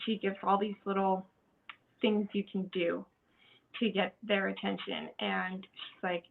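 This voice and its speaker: A woman hosting a casual podcast chat, talking in an animated way. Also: medium pitch, a little slow, vocal fry. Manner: animated, acts out quoted voices. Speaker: podcast host. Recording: tinny phone-like sound.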